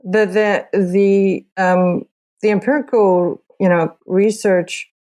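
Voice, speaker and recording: A woman's voice: medium pitch, fairly even intonation, slow, darkish tone. A woman journalist from Africa, answering earnestly with many restarts. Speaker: journalist guest. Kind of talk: podcast interview.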